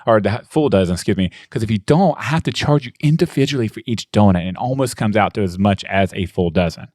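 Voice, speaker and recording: A man voicing a chipper female drive-thru worker who gives an upbeat sales pitch. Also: expressive, fast talker, a little mellow, dry recording, studio quality. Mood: chipper, persuasive.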